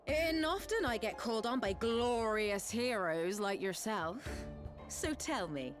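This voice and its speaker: A woman's voice: fairly high pitch, expressive, a little slow. An actress voicing a blunt, commanding female street leader in a video game, with game music behind. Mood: stern. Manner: stern, commanding.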